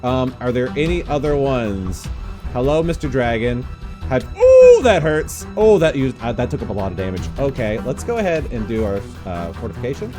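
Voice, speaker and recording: An excitable man narrates his game as he plays, his pitch leaping around as he jokes and yelps. Faint game music runs quietly behind his voice. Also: fairly quick. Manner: excitable, jokey, yelps and laughs. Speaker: gaming YouTuber. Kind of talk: Let's Play commentary.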